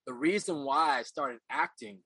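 A middle-aged man speaks as a guest in a relaxed interview, earnest and reflective. He doubles back and repeats himself as he gathers his thoughts. His voice has a bright, forceful edge, and the sound is close and dry with almost no room. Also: mid-range voice, moderate pace, slightly rough, no room sound, low-quality recording. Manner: earnest, reflective, repeats phrases while searching for words. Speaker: podcast guest, actor. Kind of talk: casual interview storytelling.

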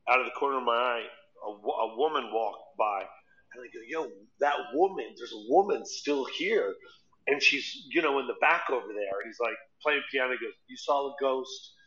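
A stand-up comedian chatting casually and telling animated stories, acting out other people's voices. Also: male voice, mid-range voice, brisk. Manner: animated storytelling, acts out voices. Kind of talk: casual chat. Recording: dull lo-fi audio.

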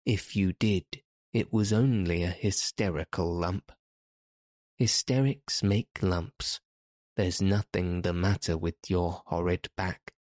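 Fierce, commanding little girl, read by a man, low and unhurried. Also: no room sound, studio quality. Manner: sharp, commanding scolding.

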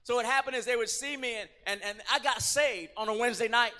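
A middle-aged man from Puerto Rico, a pastor preaching a sermon, telling stories dramatically and rising to shouts. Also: very high-pitched, fast, long reverb tail. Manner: dramatic storytelling, acting out scenes, rising to shouts. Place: church.

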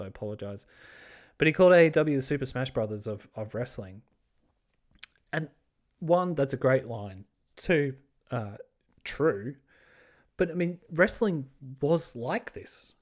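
An excitable man hosts a podcast on his own, his voice sitting at an ordinary middle pitch. He talks casually and fast to think, swearing freely and restarting his sentences with lots of ums and uhs. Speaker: podcast host. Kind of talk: casual solo podcast chat.

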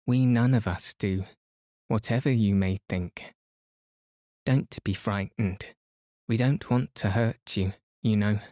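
A man reading the lines of a kind, gentle young girl in a bedtime story, reassuring and soft-spoken. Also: fairly low pitch, takes it slowly, long pauses, dry recording, clean studio sound.

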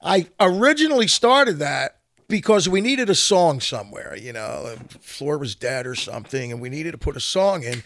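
A band member swaps stories with his bandmates on a podcast, joking about his own stage routines. His voice sits high and carries a gravelly rasp, and it swings widely in pitch as he talks. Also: lively intonation, normal speed, a bit bright, dry recording. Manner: jokey storyteller who acts out his own stage banter. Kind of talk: casual chat.

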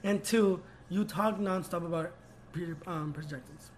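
A man's voice: sits high, normal speed, slight background noise. A young man co-hosting a casual podcast chat, blunt and complaining in a playful way, swearing freely. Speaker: podcast co-host.

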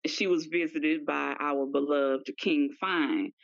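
A woman guest on a podcast, chatting casually in a relaxed, slangy way. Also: low-pitched, slow, creaky. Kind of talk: casual chat. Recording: dull lo-fi sound.

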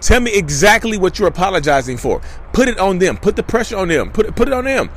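A man with a fairly high voice giving emphatic commentary to his viewers outdoors. He repeats his points and keeps calling out to them as y'all. Faint traffic hums behind him. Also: big pitch swings, quick pace. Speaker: vlogger. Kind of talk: casual commentary to camera.

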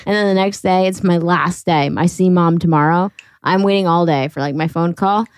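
A young woman hosting a podcast, telling a story in a casual, animated way, acting out quotes and laughing often. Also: fairly low pitch, brisk, smooth, dry recording, clean studio sound. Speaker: podcast host.

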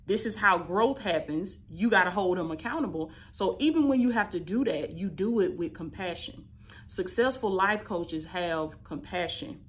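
A woman in her thirties, a life coach, giving an emphatic, repetitive motivational talk with an affectionate, preachy warmth. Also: medium pitch, lively intonation, normal speed, hardly any pauses. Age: 30s. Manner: emphatic, repetitive, preachy, affectionate, calls listeners "baby" and "y'all". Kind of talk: motivational teaching talk to camera.

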